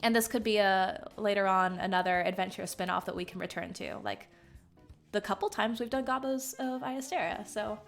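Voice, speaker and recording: A woman's voice: mid-range voice, moderate pace, vocal fry, soft background music. Bubbly woman with a light Southern American lilt. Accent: light general Southern American. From Southern United States. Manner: bubbly, excitable, laughs often. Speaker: game master and stream host. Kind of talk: casual stream chat.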